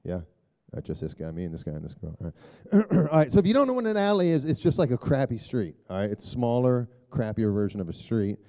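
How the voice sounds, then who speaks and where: A middle-aged man giving a rambling, conversational sermon talk to a church group, full of filler words and throat clearing. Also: very animated, fast, few pauses. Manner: turns hushed and low for prayer. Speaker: speaker addressing a church group.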